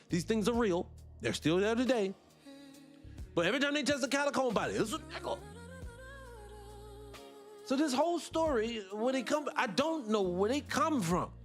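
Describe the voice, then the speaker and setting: A man with a high voice holds forth as host of a morning reaction show, chatting loosely and dropping sarcastic asides. He keeps turning to address his viewers directly, with faint music playing underneath. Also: lively intonation, moderate pace. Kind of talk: reaction commentary.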